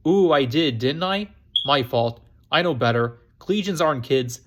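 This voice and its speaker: A man's voice: fairly high pitch, expressive, normal speed, a bit bright. A man reading as a joking thirty-year-old reporter. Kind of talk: read-aloud novel dialogue.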